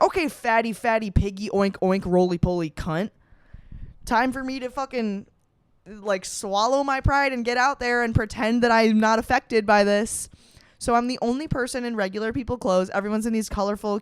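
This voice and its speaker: A young woman telling a comic story on her podcast, brash and self-mocking, swearing freely and jumping up in pitch for quoted voices. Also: a bit bright, smooth, no room sound. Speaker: podcast host.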